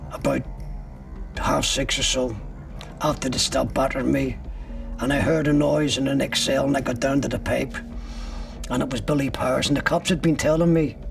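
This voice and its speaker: A man's voice: medium pitch, gravelly, distant mic. An older man being interviewed, telling a harsh personal story bluntly, with frequent swearing. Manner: blunt, profane, vivid storytelling. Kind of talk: recounting personal ordeal.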